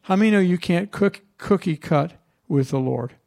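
A pastor delivers his sermon as conversational storytelling, repeatedly questioning the congregation. The gravelly voice, somewhat high for a man, carries a darkish tone at a moderate pace.

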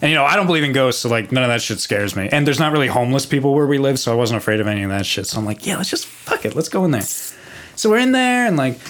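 A man's voice: medium pitch, big pitch swings, very fast, few pauses, fairly bright tone. A young man telling a spooky story as a podcast guest, rambling and profane, with lots of fillers and restarts. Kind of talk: casual storytelling.

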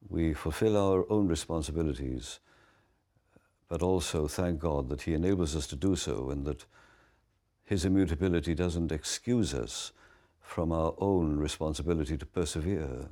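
A man answering interview questions in a measured, thoughtful way. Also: very deep voice, mellow.

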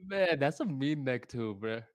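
A man's voice: mid-range voice, lively intonation, measured pace, dry recording. A man co-hosting a podcast in casual chat, laid-back and slangy, retelling scenes with little voices. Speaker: podcast co-host.

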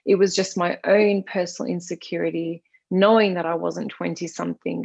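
A calm, soft-spoken woman with an Australian accent, chatting casually as a guest. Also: fairly low pitch, brisk, creaky, hardly any pauses, slightly rough, no room sound. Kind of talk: casual chat. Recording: slightly dull lo-fi sound.

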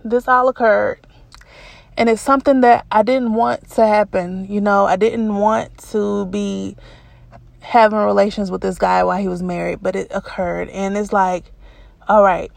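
Woman storyteller, gravelly low fry, unhurried delivery, candid casual chat with emotional repetitions. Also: flat delivery, no echo. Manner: colloquial, says y'all.

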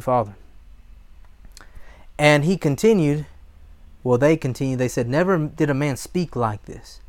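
Slow, emphatic male preacher. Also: fairly high pitch, dry recording. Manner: reads scripture aloud and exhorts, with short prayers. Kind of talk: sermon.

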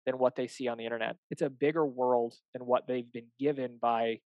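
A man's voice: medium pitch, fairly even intonation, fairly quick, no room sound, dull audio. A young adult man, a fitness coach, chatting casually and animatedly, acting out little dialogues with clients and swearing now and then. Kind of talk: casual podcast chat.

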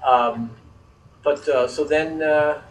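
A man's voice: fairly high pitch, steady tone, takes it slowly, roomy sound, recorded from a distance, slight background noise, rough recording. A man telling a story in casual chat, rambling and swearing, getting worked up when annoyed.

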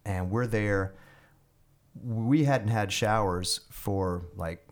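Low-voiced man telling war stories. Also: very slow. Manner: rambling, animated storytelling with many fillers and restarts. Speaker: guest musician and army veteran. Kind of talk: casual storytelling interview.

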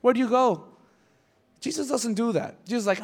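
A male pastor preaches in a casual, conversational way, full of humorous asides, and acts out dialogue as he goes. His voice sits high for a man. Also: fairly quick, vocal fry. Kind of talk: conversational sermon.

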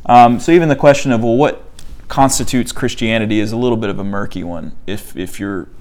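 A man's voice: fairly low pitch, a little fast, a little mellow. A young man leading a book discussion in a loose, conversational way, with many fillers, who reads quotes aloud. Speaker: study group leader. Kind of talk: casual teaching talk.

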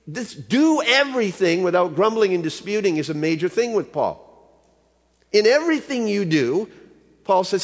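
A man preaching a sermon as a pastor, in a conversational way that keeps asking the audience rhetorical questions. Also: a little high. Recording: reverberant hall.

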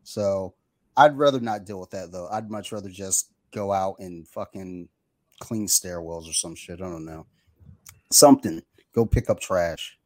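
A man with a fairly low voice tells a story in casual chat, cursing often and slipping into the voices of angry callers. His voice sits close and dry, with no room sound around it. He rambles and restarts, easygoing and unpolished. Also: a little slow, dry recording. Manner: rambling storyteller, swears, acts out phone callers.

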